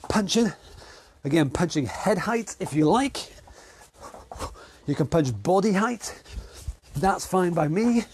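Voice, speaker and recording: A man's voice: high-pitched, a little hiss or hum. A British man with a stuffy nose, leading an online exercise class and encouraging people as he counts them through each round. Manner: upbeat, encouraging, counting down reps. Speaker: fitness instructor.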